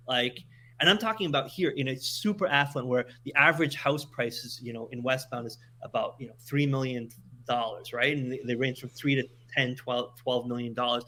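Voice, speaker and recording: A man's voice: medium pitch, brisk. A man from Montreal chatting casually on a podcast, telling stories with lots of restarts and repeated words. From Montreal, Canada. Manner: animated storytelling with many restarts.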